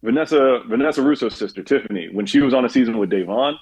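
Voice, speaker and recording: A man talking as a podcast guest in casual chat, animated, laughing often and filling his speech with "like". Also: mid-range voice, fast talker, husky, poor audio.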